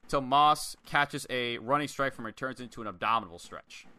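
Bright-voiced man recapping wrestling casually. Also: mid-range voice, moderate pace. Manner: animated, swears, acts out quotes. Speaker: podcast co-host. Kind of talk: casual wrestling review chat.

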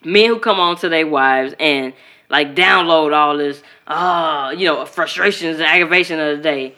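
Woman from Chicago, podcast co-host, casual chat, bright voice, animated and profane. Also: low voice, moderate pace.

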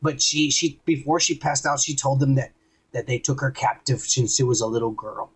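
A man hosting a podcast in casual chat, retelling scenes in a profane, animated way. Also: mid-range voice, normal speed, slightly rough, poor audio. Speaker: podcast host.

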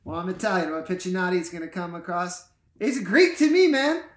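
High-voiced pastor teaching with playful energy. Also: male voice, sing-song, fairly quick, a little hiss or hum. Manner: playful, enthusiastic teacher who jokes and explains. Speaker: pastor and podcast co-host. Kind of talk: casual Bible teaching chat. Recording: roomy echo.

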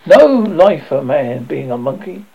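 A man's voice: a little high, very animated, measured pace, vocal fry, husky, dull audio, full character voice. A man voicing a nervous, fussy male bursar who answers in hesitant, placating tones.

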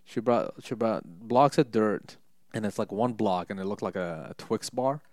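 A man's voice: on the low side, moderate pace, no echo, clean studio sound. A young man chatting casually, telling rambling, joking stories full of fillers and restarts. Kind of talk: casual storytelling chat.

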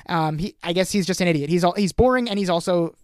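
A man's voice: sits high, quick pace, dry recording. Podcast host guy, jokey recap, does character lines, dry close sound. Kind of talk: casual recap chat.

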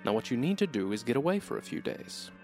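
A woman voicing a brisk, dismissive male doctor in a radio drama. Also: rumbling low, big pitch swings, mellow, faint music behind, pitched below the performer's own voice.

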